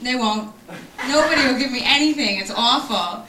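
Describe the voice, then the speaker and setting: A woman's voice: on the high side, moderate pace, pushed and bright, a little hiss or hum. A young woman doing a stand-up comedy set in a small venue, brash, profane and self-mocking, taped on a camcorder from the audience. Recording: echoey room taped from far off.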